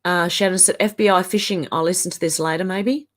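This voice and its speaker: A woman's voice: fairly low pitch, steady tone, brisk. Chatty Australian woman reading comments. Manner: chatty, reads viewer comments aloud and answers them. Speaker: live-stream host. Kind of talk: casual live-stream chat reading.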